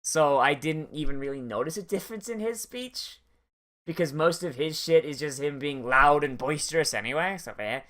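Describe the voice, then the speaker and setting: A man's voice: a little high, moderate pace, fairly bright tone. Rambling, profane young man with a raised voice. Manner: rambling, profane, many restarts and fillers. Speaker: anime reaction host. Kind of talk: casual reaction commentary.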